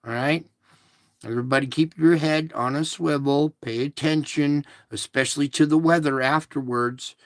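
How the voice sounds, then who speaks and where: A man hosting a casual spiritual show, talking in a slow, soothing, repetitive way to reassure his listeners. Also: on the high side, fairly even intonation, dry recording, clean studio sound. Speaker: show host. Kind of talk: casual spiritual livestream talk.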